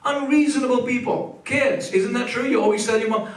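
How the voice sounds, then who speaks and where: A middle-aged man preaching a sermon as pastor, animated and leading the congregation in call-and-response. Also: high-pitched, a little fast, hardly any pauses, reverberant, distant mic, poor audio. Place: church sanctuary.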